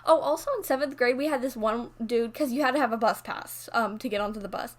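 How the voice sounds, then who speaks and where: A woman's voice: a little high, fast. A teenage girl telling a rambling story in casual chat, full of "like" and restarts. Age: teens. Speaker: YouTuber narrating over a speed build.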